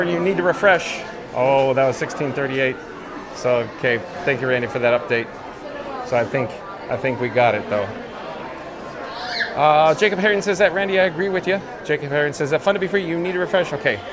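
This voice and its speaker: A man hosting a casual live stream while walking outdoors through a busy theme park, reading viewer comments aloud and thanking them. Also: on the high side. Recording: outdoor live stream with music and crowd behind. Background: park music and crowd noise.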